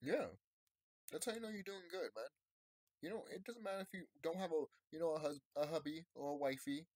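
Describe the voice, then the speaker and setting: A man's voice: on the high side, brisk, a little mellow, no echo. A man in his thirties talking casually and emphatically to his subscribers, rambling and repeating himself. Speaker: YouTuber. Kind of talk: casual unscripted monologue to subscribers.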